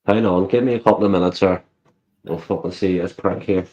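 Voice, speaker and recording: A man's voice: low voice, steady tone, fairly quick, mellow, muffled recording. A man chatting on a live stream, teasing others crudely and swearing constantly. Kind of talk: casual chat.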